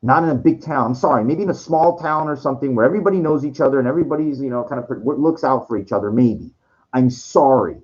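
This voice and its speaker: Man, rambling vlog monologue, blunt and profane, trails off and restarts, muffled low-fi audio. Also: quick pace, darkish tone. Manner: quoting others in acted voices. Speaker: streamer.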